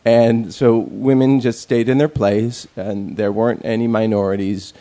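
A man's voice: fairly low pitch, fairly even intonation, moderate pace, mellow. A man in a casual chat, rambling with many fillers and restarts and speaking bluntly, with some profanity.

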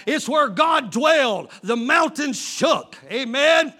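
A man's voice: extremely high pitch, expressive, slow, pushed and bright. A man, a pastor, preaching a fervent sermon with call-and-response to his congregation.

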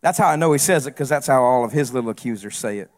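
A male preacher giving a humorous sermon on a church stage that builds into shouted preaching. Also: medium pitch, animated, fast, long reverb tail.

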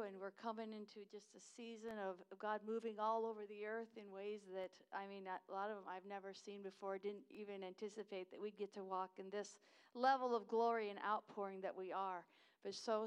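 A woman's voice: medium pitch, clear, resonant tone. An American woman in her fifties gives a chatty, enthusiastic missionary talk at a church service, wandering off track and laughing at herself.

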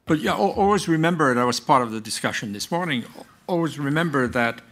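A man's voice: a little high, lively intonation, fast talker, a bit bright. A man chairing a conference panel in a conference room, repeating words and restarting as he introduces the speakers.

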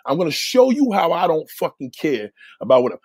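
A man's voice: normal speed, slightly rough, no room sound. A man hosting his channel, mocking viewers in a profane, heated rant. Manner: animated, swinging pitch. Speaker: channel host reacting to viewers. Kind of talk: heated live commentary.

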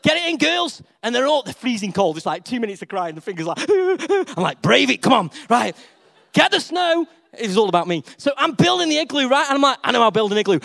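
A middle-aged pastor delivers a sermon as a story, acting out other people's voices along the way. His voice sits high for a man, with a gravelly edge. His pitch swings widely as he talks. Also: fairly bright tone.

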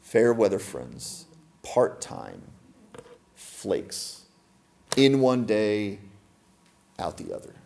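A man's voice: lowish voice, very animated, moderate pace. A man preaching a sermon to a congregation, emphatic and full of rhetorical questions. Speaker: pastor.

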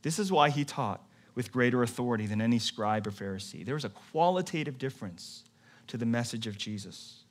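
A male pastor giving a sermon in a conversational way, moving between quiet, low passages and emphatic, louder ones. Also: expressive, brisk.

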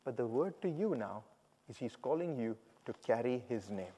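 A man preaching a sermon, who moves between loud, emphatic calls and quiet, reflective asides. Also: medium pitch, animated, moderate pace, husky. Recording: long hall reverb.

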